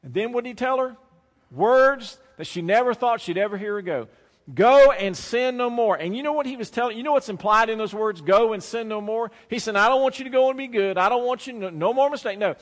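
A man's voice: high-pitched, animated, fast, a bit bright, big-room sound. A man preaching a sermon, telling a childhood story with emphatic repetition and acted-out quotes.

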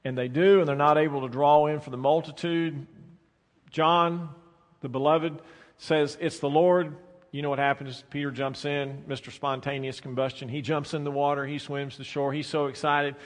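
A man preaching a sermon as pastor, swinging between soft, drawn-out phrases and loud, emphatic bursts. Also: on the high side, steady tone. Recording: long reverb of a large hall.

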